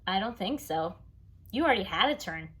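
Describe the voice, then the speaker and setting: A woman's voice: mid-range voice, animated, fairly quick, fairly bright tone, breathy edge. Woman reading a matter-of-fact ad man. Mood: firm. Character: slightly pushy adult male ad man.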